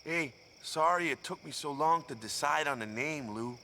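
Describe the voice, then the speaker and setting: An actor playing an easygoing young island father in a game cutscene, speaking in a relaxed, slightly drawling way. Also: on the high side, normal speed. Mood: sheepish. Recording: game audio with music.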